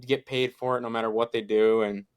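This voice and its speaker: A man's voice: mid-range voice, level tone, fairly quick, clean tone. A young man co-hosting a casual sports podcast, heated and swearing as he retells conversations with friends. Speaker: podcast co-host.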